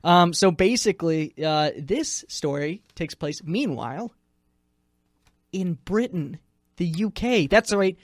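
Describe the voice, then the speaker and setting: A man's voice: sits high, animated, takes it slowly, no echo. Tired male co-host for a local radio chat show, rambling and jokey storyteller, dry studio sound. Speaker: news director, co-host. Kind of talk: casual chat, telling a news story.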